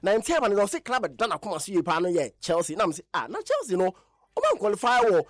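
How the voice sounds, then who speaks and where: High-voiced Ghanaian sports presenter, dry. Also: male voice, quick pace, no room sound. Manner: animated, emphatic repetitions. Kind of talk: radio sports news roundup.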